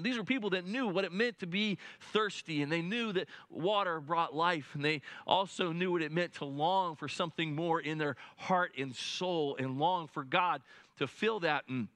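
A man delivers a sermon in a high, bright voice. He is earnest and stumbles over his restarts, then sinks low and soft at solemn moments. The sound is close and dry. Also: normal speed, no room sound. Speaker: pastor.

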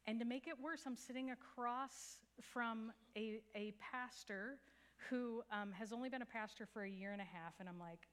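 A woman's voice: a little high, moderate pace. A woman pastor preaching a sermon, telling a story in an earnest, conversational way. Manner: earnest storytelling with a few soft laughs.

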